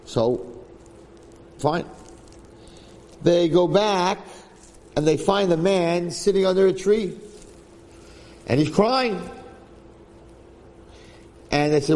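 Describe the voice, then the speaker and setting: A man's voice: sits high, lively intonation, takes it slowly, long pauses, darkish tone. Emphatic male rabbi in reverberant space. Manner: emphatic, mixes Hebrew phrases, repeats for emphasis. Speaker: rabbi giving a Torah class. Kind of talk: sermon storytelling.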